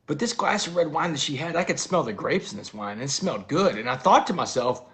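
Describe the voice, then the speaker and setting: Earnest man telling a story, higher voice. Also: animated, quick pace, few pauses, a bit bright. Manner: earnest, keeps saying "man". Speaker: interview guest. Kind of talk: personal storytelling in a conversation.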